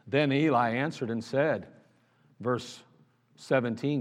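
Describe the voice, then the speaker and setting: A man's voice: high voice, lively intonation, moderate pace. A man preaching a sermon as pastor, in an earnest, conversational way with lots of repetition. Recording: long reverb of a large hall.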